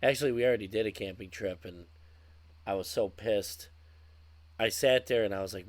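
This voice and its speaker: Swearing, animated male podcast co-host. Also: fairly low pitch, moderate pace, no echo. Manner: swears freely, acts out angry outbursts. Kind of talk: casual chat.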